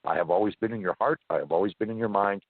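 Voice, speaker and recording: An ancient, bearded, wise spirit, as a man puts him on, speaking in a low, husky voice. He is plainspoken and blunt, and the sound comes over a dry, muffled phone line. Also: rapid-fire, dry recording. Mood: reassuring.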